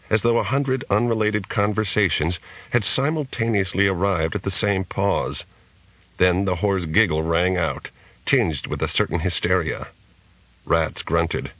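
A man narrating a novel as an audiobook in a measured reading. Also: deep voice, fairly bright tone, no room sound, low-quality recording. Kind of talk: scripted narration.

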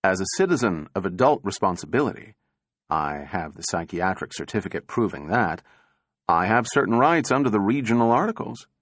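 A man voicing a calm, unruffled male prosecutor who speaks evenly and with dry irony. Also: fairly low pitch, fairly quick, dry recording. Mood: cool. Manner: even, indifferent, dryly ironic.

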